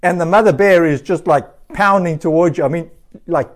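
A man with a slightly high voice delivers a sermon in an easy, conversational way. He tells stories and laughs now and then. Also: moderate pace. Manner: casual storytelling with laughs.

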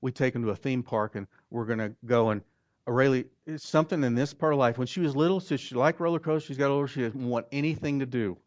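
A man with an Oklahoma accent preaching a storytelling sermon in a folksy, halting way, often repeating words as he goes. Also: mid-range voice, no room sound. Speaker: pastor. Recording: dull lo-fi, dry.

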